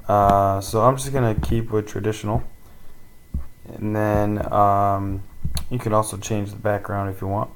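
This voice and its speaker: A man teaching a casual screen-recorded tutorial, rambling with many pauses and ums. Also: fairly low pitch, level tone, slight background noise, poor audio.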